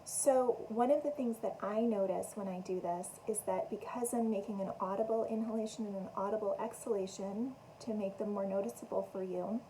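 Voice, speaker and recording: A woman meditation teacher with a mid-range voice calmly leads listeners through a breathing exercise, giving gentle, unhurried instructions. The recording is rough, with slight background noise.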